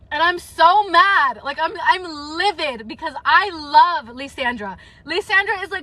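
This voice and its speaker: A woman's voice: high-pitched, pushed and bright, no room sound. A woman streaming live as she reads a novel aloud, breaking off to rant and swear about the story with emphatic repetition. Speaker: livestreamer reading a novel aloud. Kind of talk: live read-aloud with reactions.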